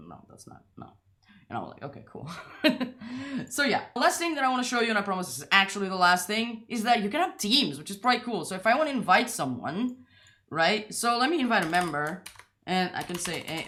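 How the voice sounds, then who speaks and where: A woman's voice: lowish voice, a bit bright. A young woman talking casually through a coding tutorial, chatty and rambling, with a lot of "like" and some self-deprecating jokes. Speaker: tutorial host.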